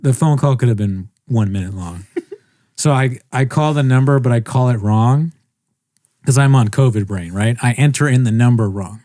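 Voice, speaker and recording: Brief: young male podcast co-host, casual storyteller, mid pitch, dead-dry mic. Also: moderate pace, dry recording. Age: young adult. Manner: rambling, animated, mimics others' voices.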